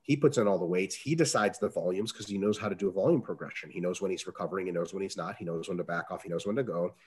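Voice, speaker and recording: A man answering interview questions as a strength coach, talking casually, with salty language and lively acted-out quotes. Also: deep voice, rapid-fire, husky. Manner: profane, animated, acts out quoted dialogue.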